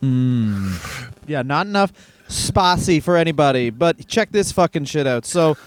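A man in his thirties co-hosting a comedy podcast from his garage, telling stories in an animated way and acting out the people in them. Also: a little high, measured pace, dry recording. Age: 30s. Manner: animated storyteller doing voices. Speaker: podcast co-host. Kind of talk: casual comedic storytelling.

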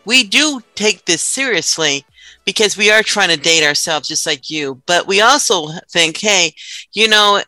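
A woman in her fifties co-hosting a dating podcast, telling stories in an animated, chatty way and laughing often. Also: medium pitch, a little slow, no room sound, soft background music, rough recording. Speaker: podcast co-host. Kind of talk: casual chat.

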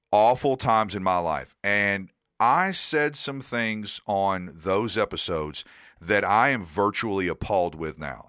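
A man's voice: on the low side, fairly bright tone, dry recording, studio quality. A man co-hosting a podcast in casual chat, telling a rambling, self-deprecating story with lots of fillers. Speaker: podcast co-host.

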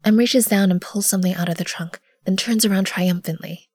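A woman narrating an audio drama in the first person, measured and often hushed. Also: mid-range voice, no echo, studio quality. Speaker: narrator and lead character.

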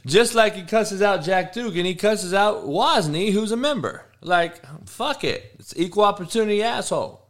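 A man's voice: high voice, normal speed. A middle-aged man hosting a live show, a football coach who rants and trash-talks with constant swearing. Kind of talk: profane live-stream rant.

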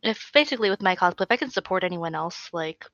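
Chatty woman with a gravelly edge. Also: on the low side, fast talker, dry recording. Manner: chatty, filler-heavy, animated storytelling. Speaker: guest cosplayer. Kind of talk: casual interview chat. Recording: dull lo-fi audio.

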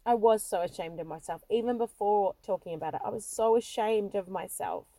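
A middle-aged woman hosts a podcast, delivering a personal storytelling monologue full of self-deprecating tales. She laughs often and nervously restarts sentences. Her voice is medium pitch, a little fast and mellow, with no echo.

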